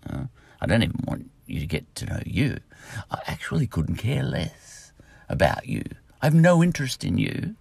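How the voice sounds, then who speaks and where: A man's voice: fairly low pitch, huge pitch swings, moderate pace, vocal fry, darkish tone, breathy edge, dry recording. A man with an Australian accent, rambling through a solo podcast monologue, full of fillers and asides. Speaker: podcast host.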